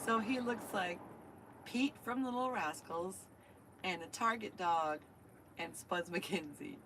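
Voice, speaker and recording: A woman's voice: medium pitch, unhurried, noisy background. A woman chatting casually with live-stream viewers and her dog from inside her van.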